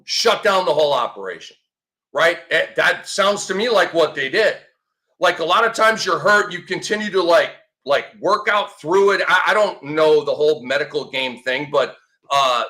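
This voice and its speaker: A man in his fifties hosting a sports show, talking in a sarcastic, excitable way and breaking into mock shouts. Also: high voice. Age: 50s. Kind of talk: animated sports commentary.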